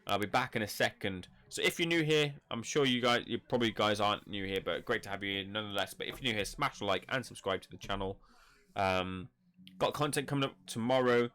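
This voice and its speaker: A man with a lowish voice, hosting a live fight-reaction stream. He talks in a chatty, rambling way and sounds bright and forceful. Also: fast, smooth. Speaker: boxing channel host.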